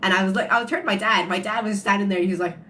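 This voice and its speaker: A woman's voice: medium pitch, fairly even intonation, racing, bright, forceful tone, slight background noise. A young woman tells a story to her live chat on a phone. She talks casually and with animation, laughs often, and ends many sentences with "like". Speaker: livestreamer.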